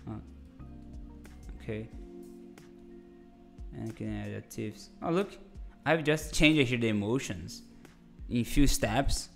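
A man hosts a casual live-stream design lesson from a home desk. He talks in a chatty, friendly way, restarting his sentences and calling viewers "my friend". Soft music plays faintly underneath. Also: medium pitch, slow pace, creaky, long pauses.

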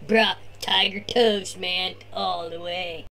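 A man's voice: sits high, steady tone, slow, creaky, sharp tone, exaggerated voice. A man voicing his laid-back surfer-dude cousin, who drawls slacker talk and tags bruh and man onto every line.

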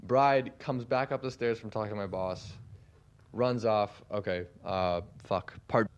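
A man's voice: on the low side, unhurried. A young man telling a long story in a voice message, rambling with many fillers and laughing through it. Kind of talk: casual storytelling.

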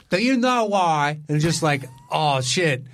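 A man's voice: on the high side, lively intonation, takes it slowly, a bit bright, dry recording. A man co-hosting a film podcast, chatting casually and laughing often. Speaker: podcast co-host.

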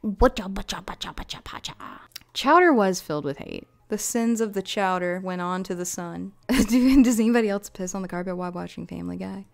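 Excitable woman streaming a game. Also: mid-range voice, a little fast, vocal fry. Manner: excitable, chatty, talks to her pets in-game, squeals and laughs. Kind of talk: casual gameplay streaming.

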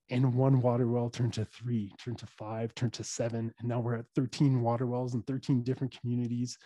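Earnest man with a mellow voice. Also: mid-range voice, no room sound. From Canada. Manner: earnest, with fillers and restarts. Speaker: dentist, podcast guest. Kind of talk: storytelling in a podcast interview.

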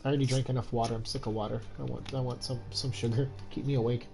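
A man's voice: medium pitch, little pitch movement, quick pace, gravelly, dark tone, soft background music, low-quality recording. A young man with a cold, worn out and stuffed up, chatting casually to his stream at home while keeping his voice down and rambling with lots of fillers. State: exhausted. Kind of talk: casual game-stream chat. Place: home room at night.

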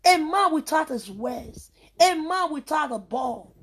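High-pitched Nigerian woman ranting scornfully. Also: lively intonation, a little slow. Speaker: vlogger. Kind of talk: heated ranting vlog.

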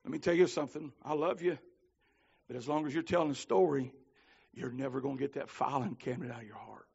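A man preaching a holiness sermon, telling stories with fervor and swinging from shouts to low pleading. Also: fast talker, vocal fry, breathy edge, highs cut off. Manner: fervent, climbs to shouting then drops low. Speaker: minister.

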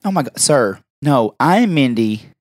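A man's voice: mid-range voice, big pitch swings, unhurried, darkish tone. A man voicing a flustered female office receptionist who talks in clipped, exasperated bursts.

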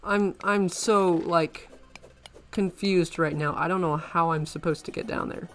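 A man giving let's-play commentary as a gaming channel host, excitable and rambling, often breaking into panicked exclamations. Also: fairly high pitch, a little slow, slight background noise.

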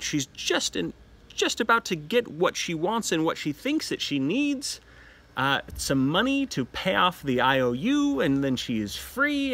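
A man teaching a literature lesson in an animated manner, acting out quotes from the play. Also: a little high.

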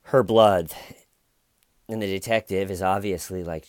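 A low-voiced man talks through true crime in a relaxed, chatty way. He gets animated and acts out the lines he quotes. His voice sounds close and dry, with no room around it. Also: normal speed, no room sound. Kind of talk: casual commentary.

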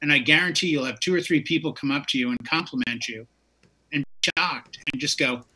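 A man's voice: fairly high pitch, brisk, pushed and bright. A man in his fifties, a DJ hosting a casual music chat, who talks with enthusiasm and wanders off into long stories. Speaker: DJ and show host.

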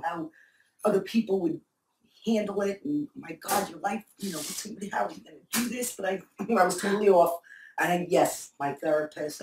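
Halting, earnest middle-aged woman. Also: fairly low pitch, a little mellow. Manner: halting, repeats herself, candid and earnest. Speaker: interviewee, mother of the host. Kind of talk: candid emotional interview. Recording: echoey room, mic far off.

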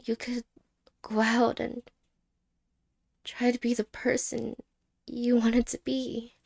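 A woman voicing an apologetic young ex-girlfriend in a whispered role-play, speaking haltingly and softly and slipping into whispers. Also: on the high side, little pitch movement, gravelly, exaggerated voice. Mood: tender. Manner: halting, hesitant, soft-spoken with whispered words.

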